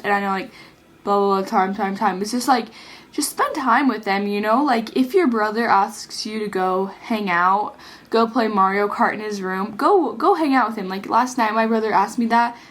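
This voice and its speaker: A teenage girl giving casual, earnest advice in a vlog, rambling with many "like"s and restarts. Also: a little high. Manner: rambling, earnest, heavy use of "like". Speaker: vlogger.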